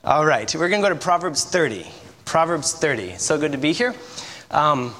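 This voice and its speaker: A slightly high male voice with lively intonation moves at a moderate pace, its tone fairly bright. He is a visiting missionary preacher in his thirties, delivering a joking, chatty, self-mocking sermon with laughs in a church sanctuary. Church hall reverb and faint room noise sit in the recording.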